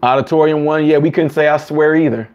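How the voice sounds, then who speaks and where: A man hosting a live chat stream, talking casually to viewers and acting out quotes in higher voices. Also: fairly quick, lo-fi sound. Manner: animated, acts out quotes in higher voices, laughs often.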